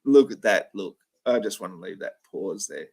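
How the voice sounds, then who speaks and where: A man's voice: low-pitched, lively intonation, normal speed, gravelly, a little mellow, breathy edge. A man hosting a reaction commentary, ranting angrily with lots of swearing and mocking. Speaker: commentary video host.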